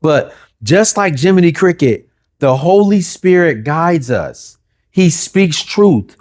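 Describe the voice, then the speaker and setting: A pastor preaching a sermon in rhythmic, repeated phrases and rhetorical questions, dropping to a low hush when he quotes God. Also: lively intonation, takes it slowly.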